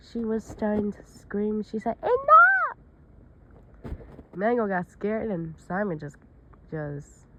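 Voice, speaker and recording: A woman's voice: mid-range voice, background noise. A woman telling an improvised story in a casual, rambling way, with run-on sentences and restarts.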